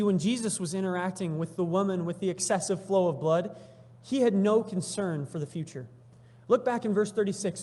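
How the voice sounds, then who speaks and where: Man preaching, somewhat high voice, reads scripture then acts out the story casually, church hall echo. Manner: reads scripture aloud, then retells it in animated everyday voices. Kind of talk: sermon. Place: church sanctuary.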